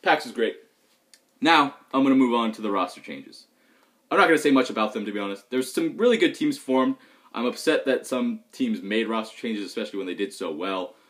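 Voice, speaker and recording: A man's voice: medium pitch, expressive, fairly quick, fairly bright tone. A young man, a pro gamer, talking in a loose, rambling and frank vlog chat. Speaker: pro gamer vlogging about tournaments.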